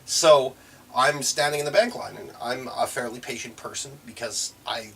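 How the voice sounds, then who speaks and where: A man's voice: mid-range voice, moderate pace, gravelly, fairly bright tone. A man talking casually to camera in a reflective vlog, rambling and correcting himself with frequent chuckles. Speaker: vlogger. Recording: mic a bit far, faint room noise.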